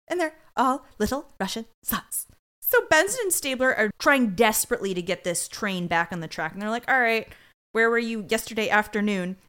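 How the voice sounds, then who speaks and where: Woman podcast co-host, mid-pitched, lively pitch swings, incredulous and exclamatory. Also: fairly quick, clean tone. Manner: incredulous, exclamatory, laughs often. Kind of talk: casual rewatch podcast recap.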